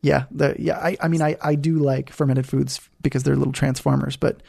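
Male co-host, mellow dark tone, dry close sound, casual halting chat. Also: medium pitch, flat delivery, creaky, no echo. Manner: halting, restarts often, playful. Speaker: podcast co-host.

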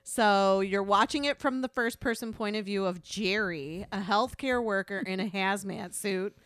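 A woman's voice: medium pitch, moderate pace, fairly bright tone, smooth, dry recording, studio quality. Blunt, profane woman podcast co-host. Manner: blunt, profane, laughing often. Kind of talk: casual chat.

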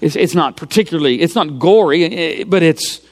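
A man preaching, retelling a film scene by scene in an animated storytelling sermon and dropping to hushed near-whispers for emphasis. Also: a little high, moderate pace.

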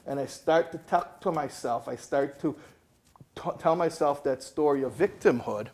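Gravelly, husky-voiced man lecturing. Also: a little high, normal speed, darkish tone. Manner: storytelling with rhetorical questions and acted-out dialogue. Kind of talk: animated motivational lecture.

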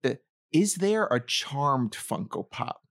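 A man's voice: mid-range voice, very animated, slow, creaky, a bit bright. A man co-hosting a casual podcast, playful and rambling, joking at his own expense. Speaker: podcast co-host.

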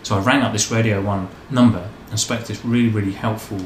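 A man's voice: fairly low pitch, fairly even intonation, quick pace, faint music behind. A man telling his life story in a casual interview, rambling and self-deprecating. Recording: echoey room, faint background noise.

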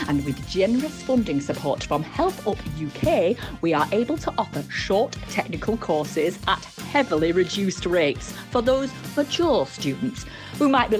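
Comic ad read: woman voicing a perky stage school principal, slightly low-pitched, very lively melody, over music. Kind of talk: mock radio advert. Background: music bed.

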